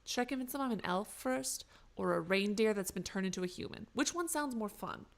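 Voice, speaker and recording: Chatty swearing woman streamer, gravelly. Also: medium pitch, animated, brisk. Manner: chatty, swearing, reacting to chat. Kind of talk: casual gameplay live stream.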